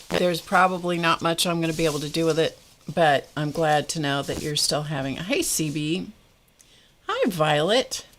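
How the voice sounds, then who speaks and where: A woman's voice: deep voice, a bit bright, slight background noise. A middle-aged woman hosting a live-stream craft tutorial, chatting casually and reading viewer comments aloud. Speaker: craft show host.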